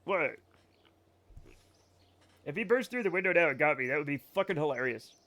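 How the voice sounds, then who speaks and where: Male streamer, high-pitched, excitable and joking, live gameplay commentary. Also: moderate pace. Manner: excitable, joking, swears, laughs often.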